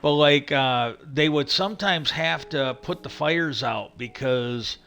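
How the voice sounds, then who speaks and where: A man's voice: a little high, slow, gravelly, sharp tone. A man chatting casually as a streamer, rambling with many fillers, restarts and swearing. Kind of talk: casual chat.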